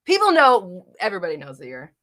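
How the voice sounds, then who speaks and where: A young woman with a bright, slightly low voice chats live at her desk mic from home. She reads viewers' comments aloud and answers them in a giggly, rambling way. She is full of fillers and drops the occasional swear. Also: wildly swooping pitch, fast talker. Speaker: host of a live Q&A chat. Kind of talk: casual live-stream chat, reading comments. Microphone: desk microphone.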